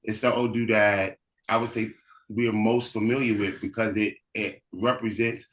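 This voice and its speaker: A man, a priest, teaching and telling a story in a relaxed, conversational way. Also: on the low side, moderate pace, rough recording. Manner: relaxed, conversational, with frequent restarts.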